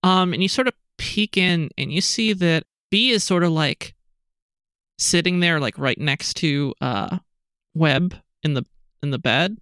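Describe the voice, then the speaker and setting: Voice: medium pitch, measured pace, a bit bright, clear, resonant tone, no room sound, clean studio sound. Rambling tabletop game master. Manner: rambling narration full of "like" and repeated words.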